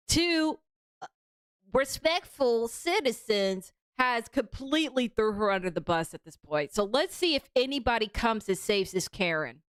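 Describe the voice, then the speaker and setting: A woman's voice: a little high, fairly bright tone, smooth, no echo, clean studio sound. Sarcastic woman hosting a gossip stream. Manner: sarcastic, playful commentary. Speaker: live stream host. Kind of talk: live celebrity gossip commentary.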